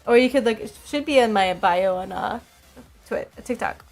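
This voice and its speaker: A woman's voice: fairly high pitch, normal speed, darkish tone, faint music behind. A young woman streaming, chatting casually with her viewers, laughing often and repeating herself.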